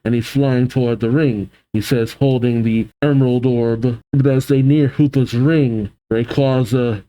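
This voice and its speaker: A man reading a comic aloud and reacting to it, animated, laughing often and voicing the characters. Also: mid-range voice, a little slow.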